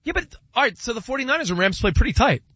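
A man co-hosting a casual sports talk show, animated and teasing as he goes through a team's schedule. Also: very high-pitched, racing, breathy edge, no room sound, highs cut off. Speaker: sports radio co-host.

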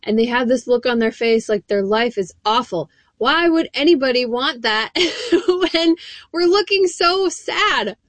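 A woman's voice: high-pitched, expressive, unhurried, dry recording. Earnest woman preaching with a dry close sound. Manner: earnest, emphatic, addresses listeners directly. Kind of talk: sermon with scripture reading.

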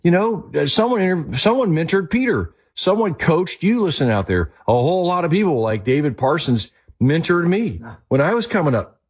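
Raspy male host, earnest and animated, interview setting. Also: on the high side, normal speed, few pauses. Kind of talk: talk show interview.

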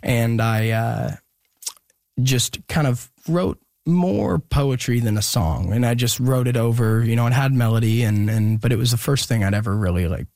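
A young man, a guest in an interview, telling a personal story in an earnest, reflective, halting way. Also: medium pitch, vocal fry, darkish tone, no echo, studio quality.

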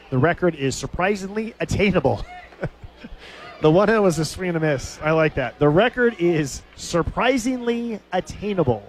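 A man doing radio play-by-play for a baseball game, his voice sitting a touch high for a man. He drifts between calling pitches and telling a light story, chuckling as he goes.

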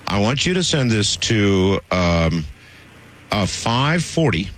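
A man hosting a radio call-in show, calm and insistent, cutting in to steer the caller. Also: fairly low pitch, slow, slight background noise. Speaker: radio talk show host.

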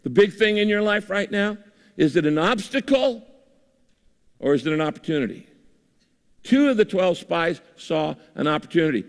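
A man preaching a sermon to a congregation, asking lively rhetorical questions and retelling stories. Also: a little high, moderate pace, pauses often. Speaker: pastor. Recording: long hall reverb.

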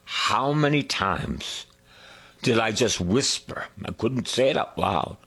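Slow, husky male preacher. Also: lowish voice, animated. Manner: slow, drawn-out preaching with sung lines and hushed whispers. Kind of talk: sermon.

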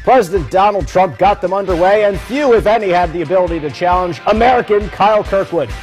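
A man delivering a TV sports news report in a lively, punchy way. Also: high-pitched, fast talker, faint music behind. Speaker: sports anchor.

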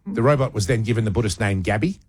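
A wry man on breakfast radio, talking in a lowish voice close to a studio mic. He reads a news item aloud and breaks off for playful asides. The sound is dry, with no room around it. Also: animated, fast, no echo. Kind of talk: casual on-air banter and reading a news story. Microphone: studio microphone.

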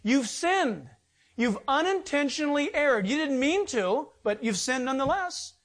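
A man's voice: very high-pitched, big pitch swings, measured pace, fairly bright tone. A male pastor preaching a sermon in an emphatic, conversational way, with rhetorical questions and joking asides.

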